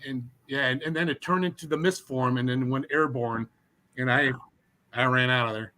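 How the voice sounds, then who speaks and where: Man, bright voice, animated storytelling, casual podcast talk. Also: mid-range voice, normal speed, a little hiss or hum. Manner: animated storyteller, frequent restarts and laughs. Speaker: paranormal investigator guest.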